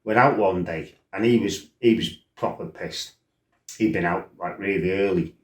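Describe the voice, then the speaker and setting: This middle-aged man, once a kickboxer, speaks at normal speed in a low voice as he casually recounts his life in a blunt, meandering way. He constantly throws in "you know" and "right?", and the recording has a roomy echo.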